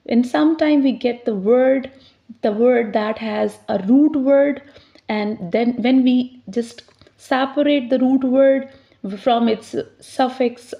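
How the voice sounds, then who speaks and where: A woman teaching English pronunciation, explaining step by step and slowly sounding out each word. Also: fairly high pitch, dark tone. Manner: slows down to sound out words clearly. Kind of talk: slow, deliberate teaching explanation. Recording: slightly dull, lo-fi sound.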